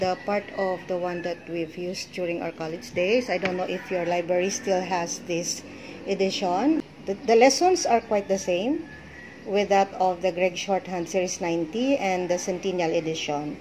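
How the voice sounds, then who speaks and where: A middle-aged woman with a Filipino accent, teaching a shorthand lesson and deliberately spelling out letters one by one. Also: on the low side, a little mellow, a little hiss or hum. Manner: slow, deliberate spelling out of letters with code-switching. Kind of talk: instructional lesson.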